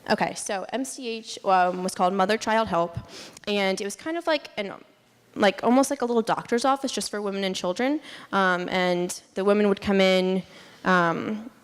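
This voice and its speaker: In a lecture hall with long reverb, a young woman gives a casual student presentation, chatty and full of fillers and frequent laughs. Her voice is mid-range and clean, at normal speed.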